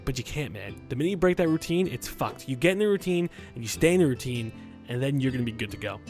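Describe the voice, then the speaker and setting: Dude reading a visual novel on a let's play, crude rambling jokes, voice sits kinda high. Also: male voice, animated, quick pace, a little mellow, faint music behind. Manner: joking, crude, rambling asides.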